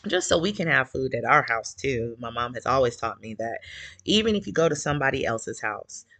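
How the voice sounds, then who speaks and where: Woman, candid casual chat, teary, rambling, gravelly, dry close sound. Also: a bass voice, lively intonation, a little fast, fairly bright tone, dry recording. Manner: candid and emotional, rambling with many fillers. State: slightly teary. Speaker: community group host.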